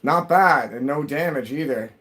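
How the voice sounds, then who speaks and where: A man's voice: a little high, normal speed. Chatty man streaming a racing game. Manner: chatty, excitable, talks to his cat. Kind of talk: live gaming stream chat.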